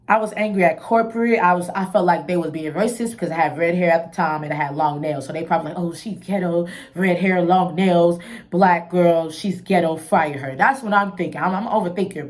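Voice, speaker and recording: A young woman telling a personal story in a casual vlog, candid and emotional, full of slang and asides to her viewers. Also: fairly low pitch. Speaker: vlogger.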